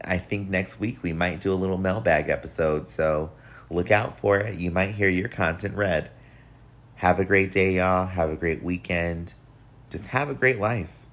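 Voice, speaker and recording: A man's voice: deep voice, fairly bright tone. A young man hosting a solo podcast with a nasal voice, talking candidly and encouragingly in a casual way, sometimes swearing. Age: young adult. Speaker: podcast host.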